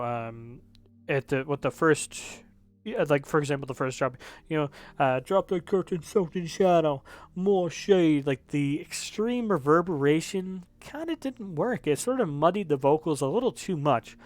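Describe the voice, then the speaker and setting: Casual rambling male music reviewer. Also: a little high. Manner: rambling, self-correcting, swears casually. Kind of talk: casual ranking commentary.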